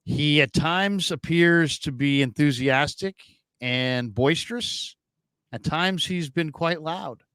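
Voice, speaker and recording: A man's voice: a little high, slow pace, a bit bright, clean tone, dry recording. A man hosting a sports call-in show, joking and rambling in casual chat. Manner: joking, rambling, playful teasing.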